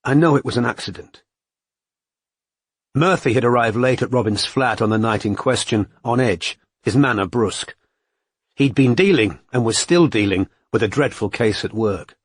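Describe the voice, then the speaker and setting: Husky male narrator, dry close sound, even audiobook reading. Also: medium pitch, normal speed, dry recording. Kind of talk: scripted narration.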